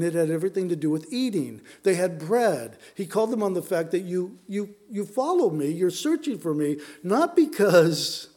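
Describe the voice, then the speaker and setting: A man's voice: high-pitched, warm tone. Conversational man preaching with stories. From Southern California. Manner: conversational, storytelling, many fillers. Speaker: pastor. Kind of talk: sermon with personal stories.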